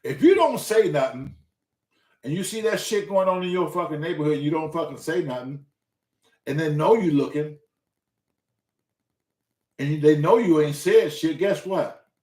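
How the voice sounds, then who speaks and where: A high-pitched man tells a neighborhood story, swearing freely and hammering each point with emphasis. His voice rings out in a roomy, echoey space. He talks as the host of a casual talk show. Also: normal speed, pauses often, far from the mic. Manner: profane, emphatic and animated. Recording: roomy echo.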